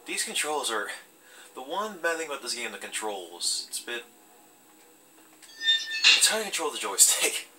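A man's voice: mid-range voice, big pitch swings, moderate pace, pauses often, bright, forceful tone, slight background noise, rough recording. A man hosting a let's play, giving chatty, casual commentary with wry joking asides as he plays.

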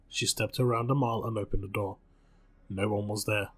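A man reading a spooky short story aloud with calm, measured narration, as channel host. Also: on the low side.

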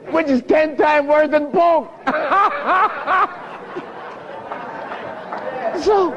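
Animated man, lively swooping pitch. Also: big-room sound. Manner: chuckling, playful, preacher-like emphasis. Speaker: speaker giving a talk. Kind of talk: animated storytelling lecture. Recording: dull lo-fi recording.

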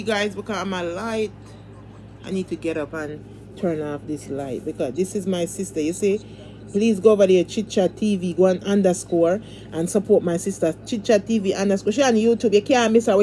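Fervent mellow-voiced woman. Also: mid-range voice, moderate pace, slight background noise. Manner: fervent, repetitive, preacher-like pleading. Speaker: livestream host. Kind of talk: casual livestream chat.

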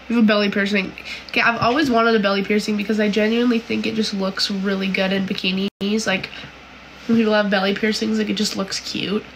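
A woman's voice: medium pitch, a bit bright, slight background noise, low-quality recording. A woman from Canada hosting a casual livestream, reading viewer comments aloud and answering them in a chatty, giggly way full of "like"s and "um"s.

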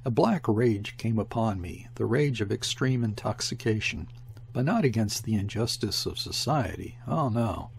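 A man reading a classic short story aloud as an audiobook narrator, in a measured storytelling manner. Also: on the low side, expressive, gravelly, slight background noise. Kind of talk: scripted narration.

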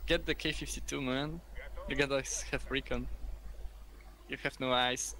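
Ein Mann mit polnischem Akzent, Polnisch als Muttersprache, der beim Spielen locker plaudert und seine Mitspieler neckt. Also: male voice, mid-range voice, steady tone, normal speed, sharp tone. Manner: joking, teasing banter. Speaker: streamer playing a tank game. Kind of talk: casual gaming chat. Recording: noisy home mic.

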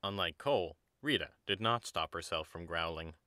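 Deep, bright male narrator. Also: moderate pace, dry recording, clean studio sound. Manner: even, storybook delivery. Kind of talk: scripted narration.

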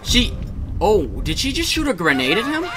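A man giving excited gameplay commentary, shouting and reacting fast as he plays. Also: high-pitched, background noise. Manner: hyped, shouting at the game, quick reactions. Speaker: gaming YouTuber.

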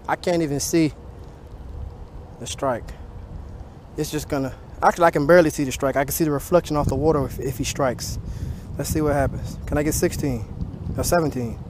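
A man's voice: fairly high pitch, moderate pace, long pauses, background noise. A man fishing outdoors at dusk, chatting casually to viewers between casts. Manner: talks to viewers between casts, swears when he loses a fish. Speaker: fishing vlogger. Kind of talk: casual commentary while fishing.

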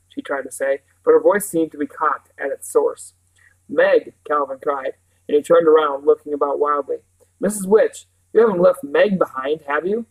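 A man reading a novel aloud in a measured, steady storytelling manner. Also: on the high side, poor audio. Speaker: reader.

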